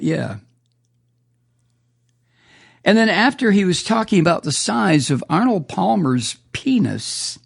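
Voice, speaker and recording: A man's voice: a little high, gravelly, breathy edge. A male talk radio host delivering a profane, indignant political monologue, stumbling and repeating words as he goes.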